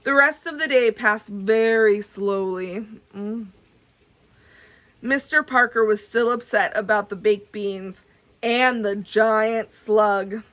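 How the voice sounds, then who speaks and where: A woman reading a children's book aloud, adding gentle, chatty asides for kids. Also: medium pitch, slow pace. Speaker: storybook reader.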